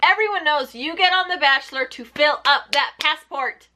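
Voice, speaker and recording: A woman vlogger giving a chatty, sarcastic recap of a TV show with rapid-fire questions. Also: sits high, sharp tone. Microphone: camera mic.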